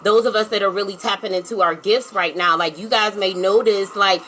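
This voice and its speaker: A woman's voice: mid-range voice, fairly even intonation, brisk, fairly bright tone, a little hiss or hum, rough recording. A woman, talking earnestly to her live-stream viewers as a spiritual coach and asking "right?" again and again. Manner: earnest, repeats herself, says "right?" and "like" often. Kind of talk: casual heartfelt live-stream talk.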